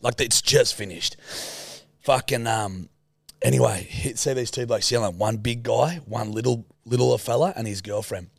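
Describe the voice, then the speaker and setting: A man's voice: mid-range voice, normal speed, vocal fry, no echo, clean studio sound. A man with an Australian accent, a podcast co-host telling a story in casual, sweary chat.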